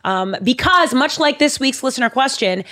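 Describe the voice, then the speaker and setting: Speaking into a studio mic, this podcast host giggles and gushes through casual conversation, peppering it with fillers. Her voice is high-pitched, animated, pushed, and bright, moving at a moderate pace.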